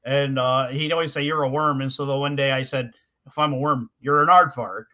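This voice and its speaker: A man's voice: mid-range voice, steady tone, brisk. A man co-hosting a podcast in casual chat, rambling and hesitant, with lots of fillers and restarts. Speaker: podcast co-host. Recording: dull lo-fi recording.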